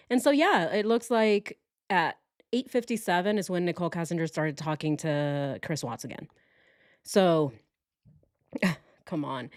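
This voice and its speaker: A woman's voice: on the low side, a little mellow, no echo, clean studio sound. A woman giving casual true crime reaction commentary, incredulous and laughing often.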